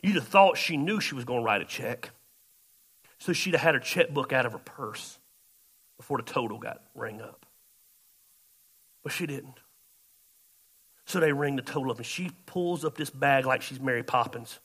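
A man pastor, telling a story in a sermon, shifting between loud outbursts and quiet asides. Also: mid-range voice, expressive, moderate pace, pauses often, husky.

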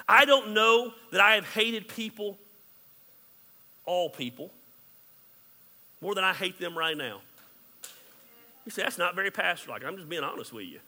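A man preaching a sermon as pastor, candid and joking, swinging between loud emphasis and hushed asides. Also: high-pitched, in a large hall.

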